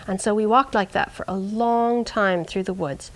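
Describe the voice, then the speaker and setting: A woman shepherd telling a personal story in an earnest way, dropping to a hush at tense moments. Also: medium pitch, fairly even intonation, normal speed, rough recording.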